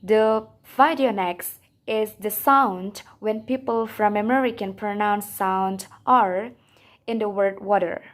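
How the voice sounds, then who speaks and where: A woman's voice: medium pitch, takes it slowly. A young woman, a student whose first language is Indonesian, reading her class presentation aloud from a script in a careful way.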